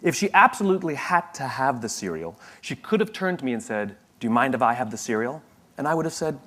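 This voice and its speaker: A man's voice: mid-range voice, very animated, fast, fairly bright tone. A middle-aged man giving a motivational talk, telling a self-deprecating story with humor and frequent restarts. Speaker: speaker.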